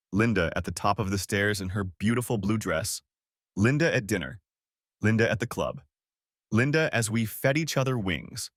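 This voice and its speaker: A man's voice: on the low side, a bit bright, no room sound, clean studio sound. A man narrating a first-person revenge story as an audiobook, telling it expressively.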